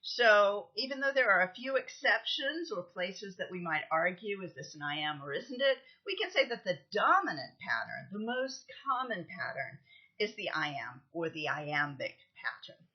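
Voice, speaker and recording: A woman lecturer giving a recorded lesson, explaining things patiently, counting out stresses and often pausing with "um". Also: medium pitch, sing-song, breathy edge, lo-fi sound. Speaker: literature lecturer.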